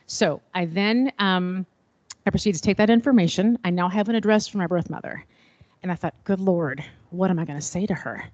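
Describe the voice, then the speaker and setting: A middle-aged woman telling a personal story at a panel, expressive and acting out remembered dialogue. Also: lowish voice, no room sound, highs cut off. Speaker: panel speaker.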